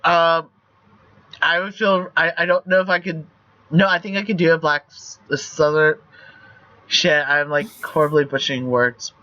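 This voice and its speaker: Streaming a text game through a dull lo-fi mic, this young man reads story passages aloud and chats casually, throwing in swear words. His voice is on the high side, pushed and bright, with a steady tone at normal speed.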